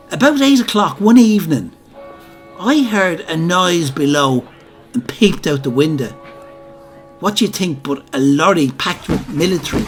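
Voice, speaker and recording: A man's voice: fairly high pitch, a bit bright. An actor playing an older Dublin man who tells a rambling, boastful pub story, with colloquial asides to his listeners. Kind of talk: theatrical comic monologue.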